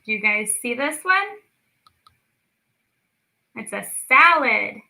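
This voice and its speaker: Bright, gravelly-edged woman teaching kids. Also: on the high side, very animated, rough recording. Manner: slow, clearly enunciated, encouraging teacher talk. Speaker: speech clinic storyteller. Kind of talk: children's storytime lesson.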